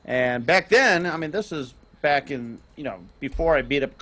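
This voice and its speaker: A middle-aged man, telling a long personal story on a casual gaming podcast, rambling with restarts and getting loud on key points. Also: fairly high pitch, moderate pace. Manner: animated, rambling with restarts, rises loud on emphasis. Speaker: podcast co-host and parent.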